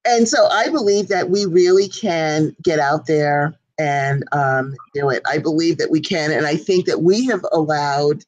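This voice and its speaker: A woman co-hosts a casual live talk show, speaking earnestly and persuasively straight to her viewers. Her voice sits fairly low for a woman, and the sound is dry and close. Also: a little slow, hardly any pauses, a little mellow, no echo, highs cut off. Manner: earnest, persuasive, addresses the audience directly. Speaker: co-host. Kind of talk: casual chat.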